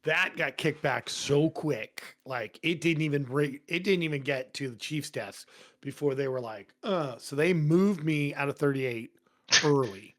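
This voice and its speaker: A man's voice: on the high side, measured pace. Blunt, swearing man telling firefighter stories. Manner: profane, blunt and animated. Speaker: podcast guest, firefighter. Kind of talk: casual storytelling. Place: podcast studio.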